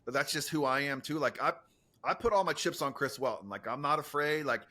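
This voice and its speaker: A man's voice: a little high, a little fast, pushed and bright. A man hosting a podcast, chatting enthusiastically and casually, full of "like" and "dude". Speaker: podcast host, coach. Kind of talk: casual interview chat.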